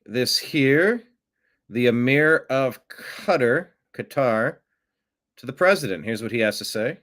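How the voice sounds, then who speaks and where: A man's voice: medium pitch, animated, moderate pace, fairly bright tone. Wry man hosting news commentary. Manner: wry, offhand, mocking asides. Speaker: political commentary show host.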